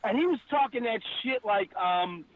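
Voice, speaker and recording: Male caller, somewhat high voice, cursing and rowdy, heard over a call line. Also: animated, normal speed, phone-quality sound. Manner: swearing, rowdy storytelling. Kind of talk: casual call-in chat.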